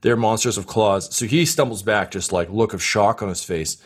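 Game master, male, low voice, halting narration full of fillers. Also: slightly rough. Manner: hesitant, many fillers.

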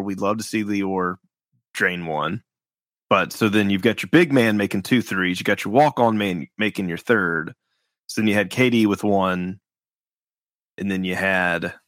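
A man's voice: low voice, a bit bright, no echo, studio quality. A man hosting a casual sports podcast, rambling through game stats with a wry tone and frequent restarts. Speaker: podcast host.

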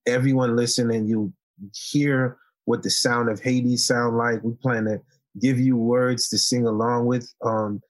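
Relaxed Haitian-born man telling stories. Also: medium pitch, dry recording. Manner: relaxed storyteller, laughs often, playful. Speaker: interview guest. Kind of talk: casual interview.

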